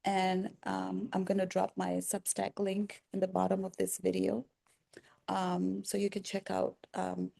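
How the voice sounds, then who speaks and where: Slow, gravelly, soft-spoken woman. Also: medium pitch, completely flat delivery. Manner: halting, pausing and restarting, soft-spoken and earnest. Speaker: vlogger. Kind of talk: personal reflective vlog.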